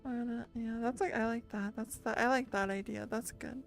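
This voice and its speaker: Gravelly-voiced woman rambling to her chat. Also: fairly high pitch, fairly even intonation, fairly quick, soft background music. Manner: chatty, rambling, many restarts and laughs. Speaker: streamer. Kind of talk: casual rambling chat with viewers. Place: lying down at home.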